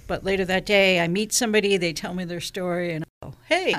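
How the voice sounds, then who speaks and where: Lower-voiced woman guest, easygoing. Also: fairly even intonation, quick pace, a bit bright. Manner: easygoing, explains with anecdotes. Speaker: guest, crystal shop owner. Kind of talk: casual interview talk.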